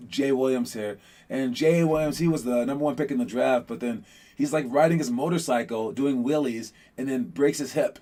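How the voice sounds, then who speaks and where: A man in a medium pitch hosts a basketball show, talking loosely and directly to his viewers. He rambles, restarts his sentences and fills gaps with um and like. It sounds like relaxed, unscripted chat. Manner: rambling, many restarts and fillers, addresses the audience as guys.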